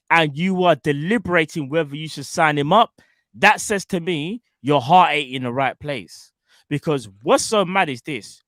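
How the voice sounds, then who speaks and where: A man with a voice a touch above average pitch makes an impassioned fan's case. He repeats himself for emphasis and peppers it with slang. The recording is dry and close. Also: fairly bright tone, no echo. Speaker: fan channel host. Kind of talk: impassioned football opinion.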